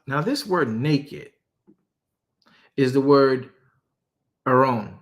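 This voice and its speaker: A man preaching a sermon at a medium pitch, reading scripture in slow, deliberate phrases. He breaks into casual, slangy asides between verses. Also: expressive.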